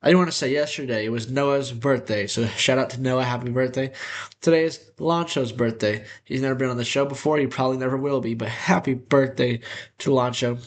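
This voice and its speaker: A young man hosts his own sports show in an upbeat, energetic way. His nose is congested, so his voice comes out nasal. His pitch sits in an ordinary middle range for a man. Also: brisk. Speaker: host. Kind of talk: casual sports talk.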